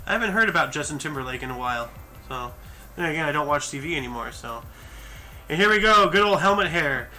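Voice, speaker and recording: A man's voice: a little high, expressive, quick pace, sharp tone, faint music behind. A man hosting a casual podcast, reading historical events off a list and making chatty, joking asides. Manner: chatty, rattles off scores, jokey asides.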